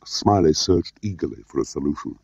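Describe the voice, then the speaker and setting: Deep gravelly man reading a spy novel, calm and measured, dull lo-fi sound. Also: no echo. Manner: measured, understated storytelling. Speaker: audiobook narrator. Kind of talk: scripted narration. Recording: dull lo-fi audio.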